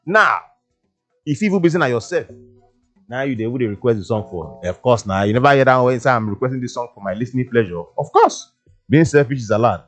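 A man's voice: mid-range voice, animated, fairly quick, a bit bright, faint music behind. A man with a Nigerian Pidgin English accent, hosting a casual radio show in a studio, chatty and playful, with many fillers. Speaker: radio DJ host. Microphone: studio mic.

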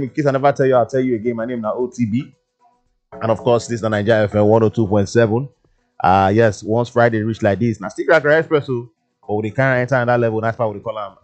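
A man with a Nigerian Pidgin English accent, hosting a casual radio show in a studio, chatty and playful, with many fillers. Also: medium pitch. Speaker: radio DJ host. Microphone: studio mic.

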